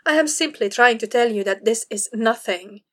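A woman's voice: fairly high pitch, normal speed, natural voice. A woman voicing a proud, prickly young female warrior who talks in a clipped, exasperated way, as in an audiobook reading. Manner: clipped, exasperated, through clenched teeth. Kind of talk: audiobook reading of fan fiction.

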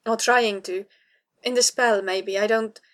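A woman voicing an anxious, timid young man who speaks quietly and hesitantly. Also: medium pitch, fairly even intonation, unhurried, natural voice.

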